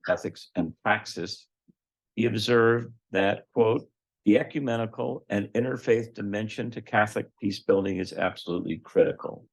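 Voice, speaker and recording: Man, event host, low voice, gravelly, formal introduction, measured with dry asides. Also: rough recording. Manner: measured, with asides and light humor.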